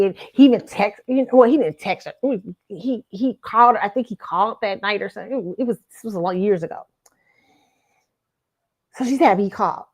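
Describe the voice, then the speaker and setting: A woman's voice: mid-range voice, moderate pace, darkish tone. Blunt, swearing woman host telling a story. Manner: blunt, profane, storytelling with many restarts. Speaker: show host. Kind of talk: casual opinion talk.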